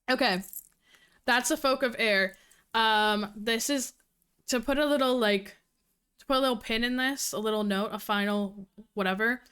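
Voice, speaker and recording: A woman livestreaming casual chat with her viewers, talking fast and cursing freely, a little out of breath. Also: a little high, a bit bright, clean tone. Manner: fast-talking, profane, giggly. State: slightly out of breath. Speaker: livestreamer reviewing books.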